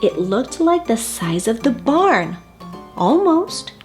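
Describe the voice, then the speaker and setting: A woman reading a children's picture book aloud, slowly and expressively, and talking directly to the young listeners. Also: a little high, soft background music. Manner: slow, expressive, addresses children. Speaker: storybook reader for children.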